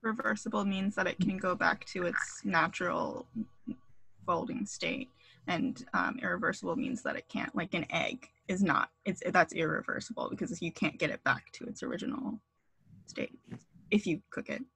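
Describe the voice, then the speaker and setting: A student answers the lecturer's question through a computer mic on a video call. The voice is heavily gravelly and husky, set in a dry, close sound. The answer is plain and practical, with an everyday example. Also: mid-range voice, normal speed, bright, forceful tone, dry recording, low-quality recording.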